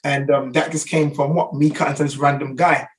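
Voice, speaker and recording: A man's voice: a little high, flat delivery, recorded from a distance, poor audio. A middle-aged man with a London accent, a barber guest telling anecdotes in a casual interview, full of fillers and restarts. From England. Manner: rapid anecdotal, many fillers.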